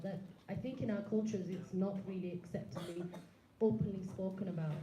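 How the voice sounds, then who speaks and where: A woman's voice: fairly low pitch, warm tone. Earnest woman giving a talk, echoey room. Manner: earnest, direct, addresses the audience with questions. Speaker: speaker. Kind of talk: public talk. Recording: echoey room, slightly dull sound.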